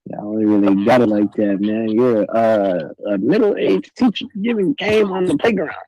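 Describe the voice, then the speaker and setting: Brief: male guest, mid pitch, expressive melody, relaxed slang, dry close sound. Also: moderate pace, no room sound, dull audio. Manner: laid-back, laughing, slangy. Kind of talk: casual chat.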